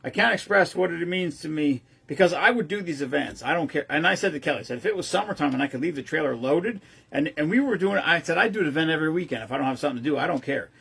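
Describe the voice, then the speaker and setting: A man's voice: on the high side, expressive, fast talker, vocal fry, fairly bright tone, slightly rough. A man hosting his own show, telling a long-winded, rambling story casually with lots of restarts. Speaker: host of a veteran care-package group.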